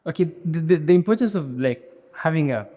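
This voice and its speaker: A man's voice: fairly high pitch, animated, brisk, mellow. A man co-hosting a casual podcast chat, explaining his ideas with examples in a hesitant way, with restarts. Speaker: podcast co-host.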